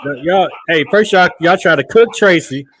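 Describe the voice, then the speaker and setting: A man's voice: sits high, moderate pace, crowd noise. Easygoing man hosting a car talk. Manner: laid-back, joking, moderates the panel. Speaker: host. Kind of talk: casual group discussion.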